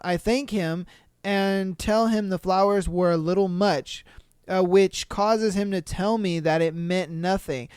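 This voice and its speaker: A man hosting a podcast, reading listener stories aloud and reacting with animated, slangy, profane rants. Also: high voice, clean tone, dry recording, studio quality. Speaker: podcast host.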